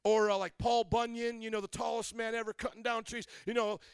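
A pastor from Indiana preaches in a high, bright-pitched male voice, keeping it loose and joking. He keeps checking in with the congregation through questions. The sound is close and dry. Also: level tone, fairly quick, clear, resonant tone, no echo. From Indiana, USA. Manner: conversational and joking, quizzes the congregation. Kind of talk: sermon.

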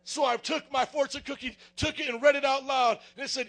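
Animated high-voiced man preaching. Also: quick pace, gravelly, hardly any pauses. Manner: animated, jokey preaching with call-and-response. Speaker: pastor. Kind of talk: sermon.

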